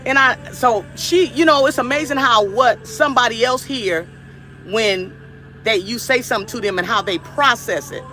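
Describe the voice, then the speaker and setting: Bright-voiced emphatic American woman vlogger. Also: a little high, normal speed, soft background music. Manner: emphatic, repetitive and preachy. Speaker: livestream cooking host. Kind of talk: casual live-stream talk to viewers.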